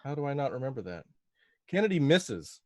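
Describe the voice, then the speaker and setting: A man narrating as game master of a tabletop game, casual and halting, with fillers and frequent pauses for dice rolls. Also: medium pitch, sing-song, noisy background.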